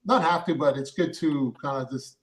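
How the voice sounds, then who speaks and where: A man who works as an actor, telling a long story in a rambling, halting way. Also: fairly high pitch, over a noisy crowd. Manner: rambling, halting, with many fillers and restarts. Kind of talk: casual storytelling.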